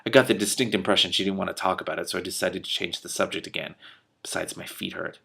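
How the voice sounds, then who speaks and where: Gravelly low-voiced man reading aloud. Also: fairly even intonation, quick pace, bright, forceful tone. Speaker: reader of a book with commentary. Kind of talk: casual read-aloud narration.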